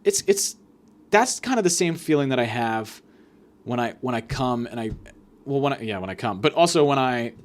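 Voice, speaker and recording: A man hosting a podcast, delivering a profane, sarcastic comedic rant that swings between loud outbursts and mutters. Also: mid-range voice, big pitch swings, moderate pace. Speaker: podcast host.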